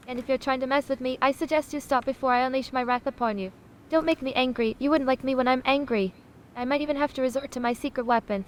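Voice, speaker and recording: A high-sitting text-to-speech woman's voice, close to an everyday voice with a little hiss or hum, plays a sassy, self-important AI chatbot that calls itself a sausage. She's haughty, dramatic and condescending, calling people honey over and over.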